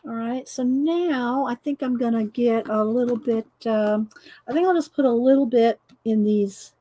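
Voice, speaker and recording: A woman's voice: fairly high pitch, normal speed, warm tone. A middle-aged woman, hosting a casual coloring livestream, chatty and laughing often as she greets viewers. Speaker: livestream host demonstrating coloring.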